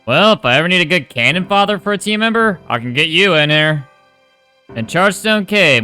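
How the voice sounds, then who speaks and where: A man casually commenting on his own video game run, wry and quick to swear. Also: on the high side, bright, forceful tone. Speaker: gaming YouTuber.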